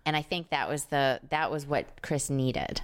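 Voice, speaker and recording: A woman's voice: low-pitched, a little slow, clean tone. A woman co-hosting a podcast, recapping a film in a rambling, profane, casual chat and laughing often. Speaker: podcast co-host.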